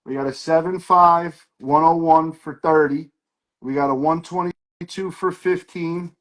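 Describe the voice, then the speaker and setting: A man's voice: fairly high pitch, fairly even intonation, a little slow, a bit bright. A man hosting a live comic book sale, reading off issue numbers, grades and prices in a casual stream chat.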